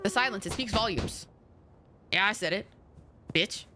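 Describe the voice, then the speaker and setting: A woman's voice: medium pitch, unhurried, background noise. A young woman streaming a game, chatting casually with a friend, joking crudely and swearing freely. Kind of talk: casual gameplay chat with a co-op partner.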